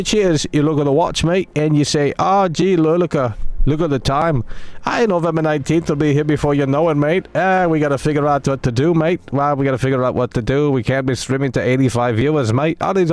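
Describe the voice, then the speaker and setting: A male streamer with a medium-pitched, slightly dark, natural voice talks at a normal pace with few pauses. He puts on a cheeky mock-British bloke act, adding "mate" and "cheers" to almost every line in bouncy, teasing live-stream banter.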